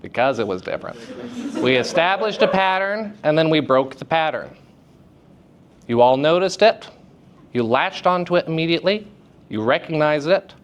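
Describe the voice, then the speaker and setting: A man teaching young actors in a lively, playful lecture, joking with the students. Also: on the high side, moderate pace, pauses often, dull audio. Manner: lively, playful, jokes with audience. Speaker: theater teacher. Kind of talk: lecture to high school students. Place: school hall with audience.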